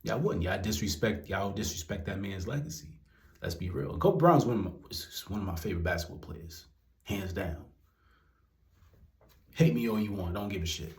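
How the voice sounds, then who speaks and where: A man's voice: fairly low pitch, lively intonation, normal speed, darkish tone. Young New guy, exasperated profane rant, roomy echoey room. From New York. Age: young adult. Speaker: commentary vlogger. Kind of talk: ranting commentary. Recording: roomy echo.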